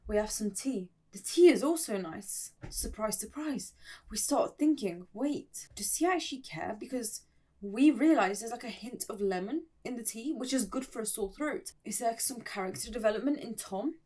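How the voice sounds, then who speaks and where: Young woman, host, casual story recap, playful and chatty, a bit high-pitched. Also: lively intonation, moderate pace, mellow. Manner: chatty and playful, laughing often, dramatic asides.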